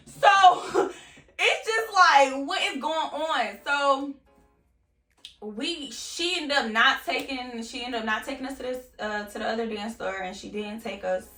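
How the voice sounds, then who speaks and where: A woman's voice: a little high, bright, forceful tone, distant mic. A young woman vlogger telling a candid, casual story and swearing freely. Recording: roomy, off-mic, faint music.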